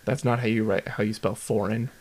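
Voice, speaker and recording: A man's voice: fairly low pitch, fairly even intonation, brisk, a little mellow. A man co-hosting a podcast in casual chat, with dry, teasing banter. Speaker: podcast co-host.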